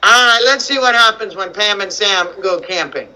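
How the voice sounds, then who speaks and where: A woman teaching young children to read over a video call, animated and coaxing, full of questions. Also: medium pitch, normal speed, rough recording. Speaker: kindergarten teacher. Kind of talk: online reading lesson for young children. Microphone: computer mic on video call.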